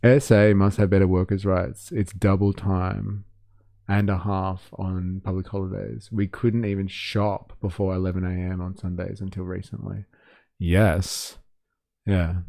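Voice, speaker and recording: A man's voice: low voice, vocal fry, warm tone, dry recording, clean studio sound. A man hosting a livestream, reading out viewer comments in a casual, swearing, mock-outraged way. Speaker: livestream host.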